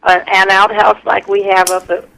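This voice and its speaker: A man appearing as a comedian guest on a talk show, dry and low-key in his banter. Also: level tone, moderate pace, creaky, bright, forceful tone, rough recording.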